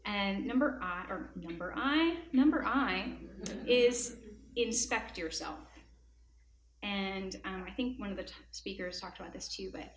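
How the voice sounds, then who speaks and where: Speaking a little slowly in a medium-pitched voice, a woman delivers an earnest devotional talk at a Christian event. She tells personal stories with animation and drops in casual asides. The echoey room carries faint ambience and slight background noise.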